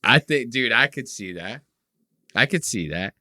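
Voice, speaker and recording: A man's voice: medium pitch, animated, measured pace, bright, forceful tone, dry recording, studio quality. A man hosting a casual podcast, talking in a crude, rambling, mocking way. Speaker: podcast host.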